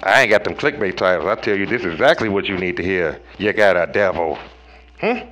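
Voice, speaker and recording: A man giving a preachy tarot reading in a slangy, profane way, talking straight to viewers and swinging between loud highs and low murmurs. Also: a little fast, highs cut off, soft background music. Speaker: tarot reader.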